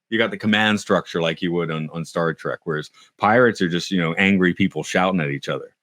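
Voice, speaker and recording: Brief: middle-aged male podcast co-host, low voice, dry close sound, rambling and self-mocking. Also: brisk, a bit bright, no echo. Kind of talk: casual chat.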